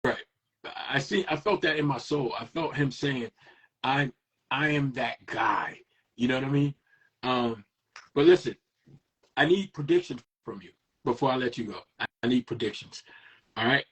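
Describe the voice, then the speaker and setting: A male interview host with a husky, slightly raspy voice. He talks in a relaxed, reflective way, like an easy conversation. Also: mid-range voice, moderate pace, poor audio. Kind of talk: casual interview chat.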